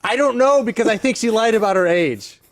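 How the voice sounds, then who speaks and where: A man's voice: sits high, expressive, a little fast, no room sound. A man hosting a podcast who tells a casual story in a rambling way. He keeps interrupting himself and laughs at his own story. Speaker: podcast host.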